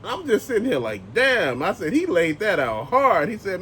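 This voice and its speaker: Profane ranting man, high voice. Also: sing-song, moderate pace, hardly any pauses, fairly bright tone, a little hiss or hum. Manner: profane, emphatic, heated ranting. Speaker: channel host. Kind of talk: ranting commentary vlog.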